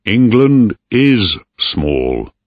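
A man voicing a calm, easygoing young ship officer. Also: fairly low pitch, very slow, dry recording, phone-quality sound, full character voice. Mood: friendly.

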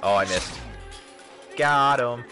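A man's voice: mid-range voice, slow, bright, forceful tone, faint music behind. A man giving casual, joking commentary on a gaming livestream, chatting with viewers. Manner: chatty, joking, talks to chat. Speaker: streamer.

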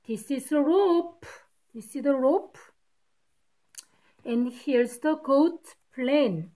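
This teacher's voice sits high and sounds warm as she reads a picture book to children very slowly. She patiently halts to show the kids each rhyming word and explain it.

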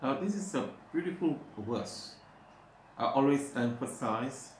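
A man preaching a sermon, pausing often with "uh" and slowing down to stress scripture verses. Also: medium pitch, lively intonation. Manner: halting, with frequent "uh" pauses. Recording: echoey room, faint background noise.

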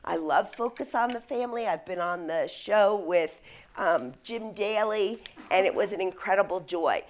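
A middle-aged woman from the United States giving a leadership lecture, telling stories in an animated way. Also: medium pitch. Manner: storytelling, animated. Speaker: speaker.

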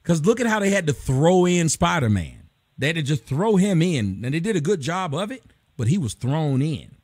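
A man's voice: fairly high pitch, big pitch swings, normal speed, no room sound. A middle-aged man hosting a casual live stream, ranting bluntly and profanely about movies. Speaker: host.

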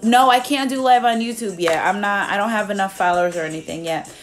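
A woman's voice: medium pitch, fast, faint music behind. A young woman giving a casual live tarot reading, chatty and blunt, swearing freely as she talks to her viewers. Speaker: tarot reader.

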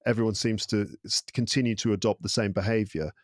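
A man's voice: lowish voice, fast, dry recording. Englishman, dry close sound. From England. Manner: thoughtful, animated storyteller. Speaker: podcast guest. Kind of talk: casual interview chat.

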